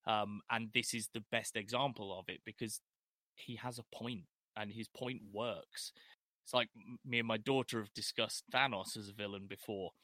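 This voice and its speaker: Middle-aged guy on a film podcast, bright voice, dry mic, chatty and a bit halting. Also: lowish voice, steady tone, dry recording. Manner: chatty, hesitant restarts. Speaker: podcast co-host. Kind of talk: casual film discussion.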